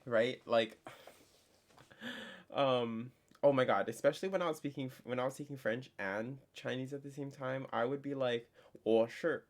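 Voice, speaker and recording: A young man with a medium-pitched voice gives a casual online French lesson. He is chatty and uses lots of fillers, slowing down to spell out words.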